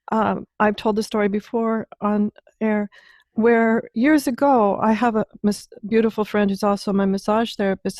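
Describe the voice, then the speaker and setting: A woman's voice: on the high side, a little mellow, no echo, studio quality. Effusive woman podcast host. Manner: effusive, exclaims wow, asks long rambling questions. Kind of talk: podcast interview.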